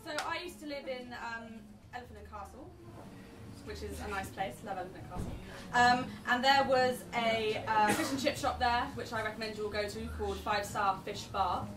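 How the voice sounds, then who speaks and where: A young woman reads her poems to a live crowd, introducing each with wry, self-deprecating banter. Her voice sits a little high and carries the reverb of an echoey venue. She is picked up from a distance, with steady background noise in the room. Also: normal speed. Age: young adult. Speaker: poet. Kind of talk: live spoken word performance.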